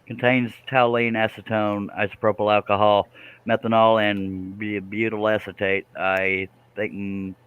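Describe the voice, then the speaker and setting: A man's voice: on the low side, level tone, measured pace, clear, resonant tone, no echo, narrow, tinny audio. A man hosting a live stream, chatting casually, teasing his co-host and laughing often. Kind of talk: casual chat while reading comments.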